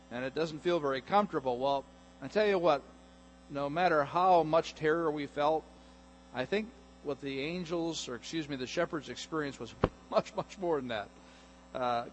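A middle-aged man preaching a sermon as pastor, animated and jokey, sometimes acting out voices. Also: on the high side. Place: church sanctuary.

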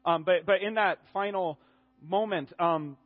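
A man preaching a sermon in a conversational, animated way, often restarting his sentences. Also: sits high, measured pace, phone-quality sound.

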